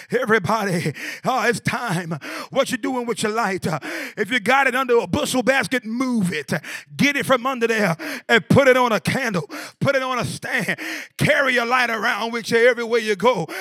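A man preaching a sermon, shouting in a rhythmic call-and-response style and repeating phrases to the congregation. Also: very high-pitched, no room sound, studio quality.

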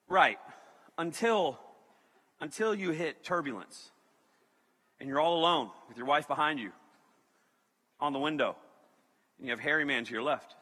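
A man's voice: a little high, moderate pace, long pauses, long reverb tail. A man preaching, telling a funny story and often checking in with "okay?". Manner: animated, keeps checking in with "okay?". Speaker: pastor. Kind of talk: comedic sermon storytelling.

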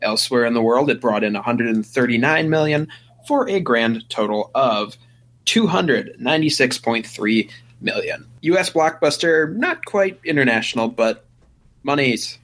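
A man reads box office figures with a wry, matter-of-fact delivery. He sounds like a relaxed co-host on a casual podcast. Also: mid-range voice, normal speed. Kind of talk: casual chat, reading figures.

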